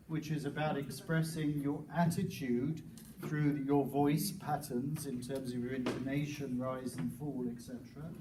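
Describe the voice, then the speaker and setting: Man presenting a teaching workshop in an echoey room. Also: a little high. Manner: explanatory, with hesitant restarts and fillers. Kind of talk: teacher-training workshop talk. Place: crowded room. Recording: echoey room, distant mic, noisy.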